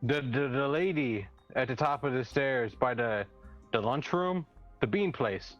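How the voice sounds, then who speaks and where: A man's voice: mid-range voice, unhurried, faint music behind. A man playing a tabletop game in character, goofy and rambling. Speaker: player. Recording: dull lo-fi audio.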